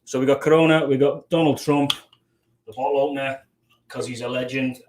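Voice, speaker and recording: A British man hosts a live stream in loose, sweary banter. His voice is mid-pitched and relaxed, often breaking into laughter. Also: brisk, a little hiss or hum. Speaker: livestream host. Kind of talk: casual livestream chat.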